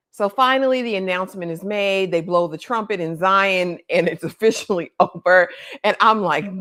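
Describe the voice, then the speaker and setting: A woman's voice: medium pitch, expressive, normal speed, fairly bright tone. A woman hosting a casual TV recap chat, playful and slangy, quoting the characters as she retells scenes. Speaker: podcast host.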